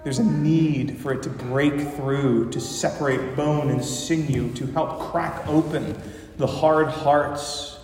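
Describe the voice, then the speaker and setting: A male pastor preaching a sermon, impassioned, slowing down for emphasis and rising in volume. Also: on the high side, steady tone, darkish tone. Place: church sanctuary. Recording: echoey hall from far off.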